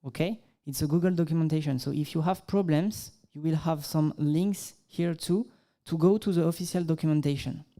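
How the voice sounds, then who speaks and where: A man's voice: a little high, brisk, few pauses, mellow. A man from France with a French accent, giving a conference tech talk and demo, hesitant and apologetic with many fillers. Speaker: conference speaker. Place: conference hall stage.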